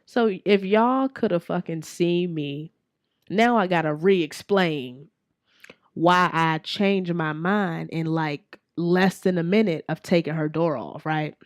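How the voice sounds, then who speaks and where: A woman's voice: on the low side, takes it slowly, no room sound, studio quality. Frank, profane woman telling a story. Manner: candid and profane, animated retelling. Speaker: podcast host. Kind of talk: casual storytelling monologue.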